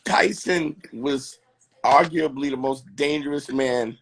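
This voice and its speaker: A male comedian telling a story as a live stream guest, animated and acting out the quotes. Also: medium pitch, slow, husky.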